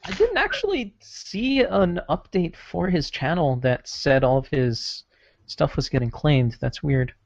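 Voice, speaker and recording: A man's voice: fairly high pitch, animated, measured pace, gravelly, dry recording. Hesitant man on dull chat audio. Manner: hesitant, many ums. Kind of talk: casual game chat.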